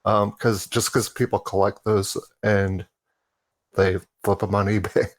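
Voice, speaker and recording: A man's voice: fairly low pitch, little pitch movement, a little slow. A man on a casual podcast panel, talking in a laid-back, rambling way with lots of hesitations.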